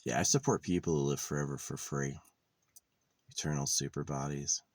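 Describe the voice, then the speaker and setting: A man in his thirties who lives in a van vlogs in a rambling, sardonic monologue, swearing casually as he wanders from thought to thought. His voice is extremely low with fairly even intonation, delivered at normal speed with no room sound.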